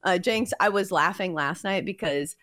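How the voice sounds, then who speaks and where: A woman's voice: on the low side, moderate pace, a bit bright. A woman co-hosting a sports betting podcast in casual conversation, often using "like" as a filler.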